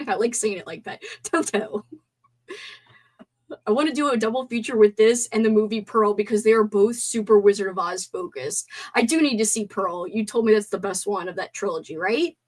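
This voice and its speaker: Hosting a casual movie-talk livestream, a young woman speaks briskly at medium pitch. She reads chat comments out with animated swearing and gasps.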